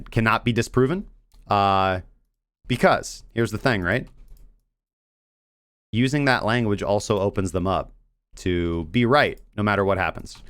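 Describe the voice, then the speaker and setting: A man on the low side with a fairly bright, smooth tone hosts a crypto trading livestream, recorded clean in the studio with no echo. He breaks down charts bluntly and casually, poking fun at vague analysts.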